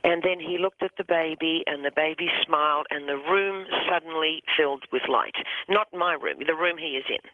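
A hypnotherapist phoned in to a radio show, recounting a session in an even, middle-pitched voice. The speech stumbles and circles back on itself, repeating words before moving on. The whole thing comes through a narrow, tinny phone line. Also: no room sound. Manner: halting, with many restarts and repeated words. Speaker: hypnotherapist guest. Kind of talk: storytelling on a radio call-in. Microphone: telephone.

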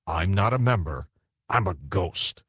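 A man's voice: mid-range voice, very animated, normal speed, husky, no room sound, studio quality. A man voicing a timid, awkward young male ghost who answers meekly and apologetically. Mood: sheepish. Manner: meek, apologetic, hesitant.

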